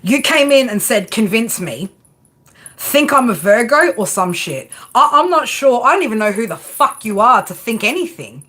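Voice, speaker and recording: A woman's voice: on the high side, sing-song, normal speed, hardly any pauses, bright, forceful tone, breathy edge. A woman giving live tarot readings, chatting casually and profanely with viewers and laughing often. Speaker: tarot reader.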